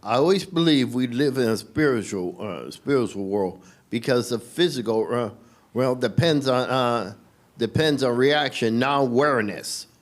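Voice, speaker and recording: Halting man with many uhs. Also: medium pitch, expressive. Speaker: congregant. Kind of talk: answering a question in church.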